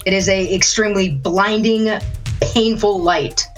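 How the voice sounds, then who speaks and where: Female tabletop player: mid pitch, direct, business-like action calls, faint music. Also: a little slow. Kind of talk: tabletop game banter.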